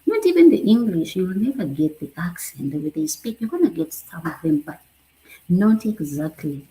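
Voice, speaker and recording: Ugandan woman with a low, mellow voice. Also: normal speed, low-quality recording. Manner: animated, laughs often, drops in French phrases. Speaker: vlogger. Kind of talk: casual personal storytelling.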